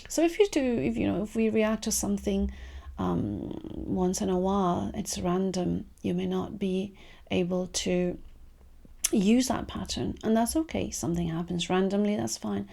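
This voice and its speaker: A woman giving a gentle spiritual guidance talk, speaking softly and often trailing off into whispers. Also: medium pitch, vocal fry. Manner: soft, slow, trailing into whispers. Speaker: spiritual teacher.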